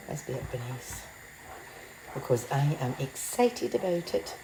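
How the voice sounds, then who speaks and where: A woman with a low, gravelly voice chats her way through a home cooking vlog. She rambles and laughs at herself. The kitchen sounds echoey, with pots and pans clattering behind her. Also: very animated, a little slow, background noise. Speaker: home cook.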